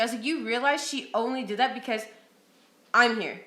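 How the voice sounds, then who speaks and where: A woman's voice: fairly high pitch, fast, pushed and bright. A woman in her twenties telling a story in casual chat as a podcast co-host, blunt and profane. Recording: echoey room.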